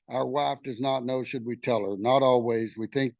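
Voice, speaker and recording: A middle-aged Texan man leading a study group, reading aloud and sharing his own experience in a candid, halting way, with many fillers and restarts. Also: medium pitch, steady tone, creaky, a little mellow, dry recording, dull audio. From Texas.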